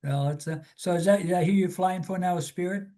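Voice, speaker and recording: A man on a video call chairing a meeting, affable and quick with short agreements as he wraps up. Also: sits high, mellow. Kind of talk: casual meeting talk.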